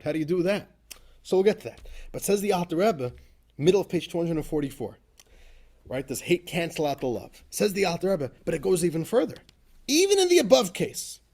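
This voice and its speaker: Male rabbi, lecturer; lively classroom delivery, somewhat high voice, restarts phrases, loud emphatic bursts. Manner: rises to loud emphatic bursts when quoting, laughs often; repeats words and restarts phrases while thinking. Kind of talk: animated Torah class lecture.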